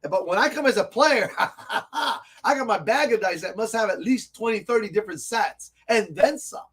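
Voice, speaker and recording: A man hosting a casual live tabletop gaming show from a comic and game shop, talking in a rambling, excitable way and laughing often. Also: high-pitched, normal speed, slightly rough. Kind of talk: casual live stream chat.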